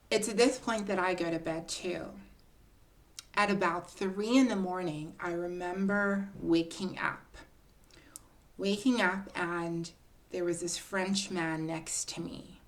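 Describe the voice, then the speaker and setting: A woman telling a personal story to her viewers in a casual, confiding storytime, often calling her listeners "girl" and building drama with pauses. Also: lowish voice. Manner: chatty, confiding, keeps addressing listeners as "girl".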